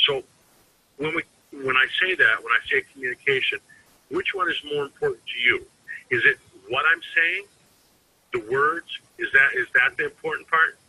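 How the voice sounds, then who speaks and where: Bright, husky man coaching. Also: mid-range voice, poor audio. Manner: rambling, conversational, restarts often. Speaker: network marketing team trainer. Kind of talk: informal training talk.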